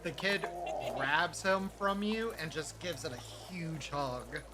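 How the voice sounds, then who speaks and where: A man narrating a tabletop game as game master, chatty and quick to laugh, with many fillers. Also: on the high side, expressive, over music.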